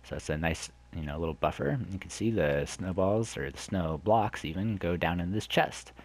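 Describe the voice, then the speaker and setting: A man hosting a let's play, chatting to viewers in a rambling way and exclaiming loudly when something surprises him. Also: low-pitched, normal speed. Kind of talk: gameplay commentary.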